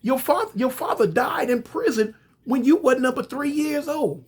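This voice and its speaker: A man voicing a loving middle-aged mother who speaks softly and tenderly. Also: very high-pitched, expressive, normal speed, breathy edge, voice pushed up, exaggerated voice.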